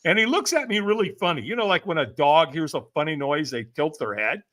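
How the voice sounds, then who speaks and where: A middle-aged man tells a personal story as a podcast guest in a high, forceful voice. His pitch leaps around as he acts out what other people said. The telling stays animated from line to line. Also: a little fast. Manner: acts out quoted voices with big swings.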